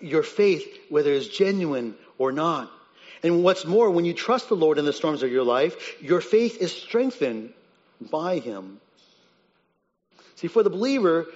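Preaching in a large hall, a male pastor speaks earnestly and emphatically, lifting his voice for important points and dropping it low and soft elsewhere. The audio lacks high frequencies.

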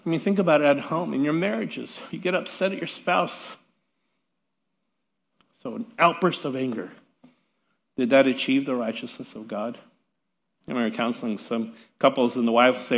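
A middle-aged man delivers a sermon from a church sanctuary, his tone conversational and quick to poke fun at himself. His voice sits in a middle range, and a long reverb trails each phrase around the hall. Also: mid-range voice, gravelly. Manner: conversational, self-deprecating humor with light laughs. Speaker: pastor.

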